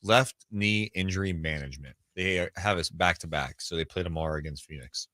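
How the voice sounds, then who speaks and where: A man's voice: deep voice, brisk, pushed and bright, dry recording. A man co-hosting a sports radio show, wry and provocative, on a studio mic. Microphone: studio microphone.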